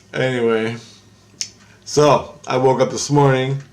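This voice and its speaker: A man casually recounting a story in a vlog, excitable and profane, switching into a raised voice when quoting people. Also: mid-range voice, slow pace, vocal fry, pauses often, slight background noise. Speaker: vlogger.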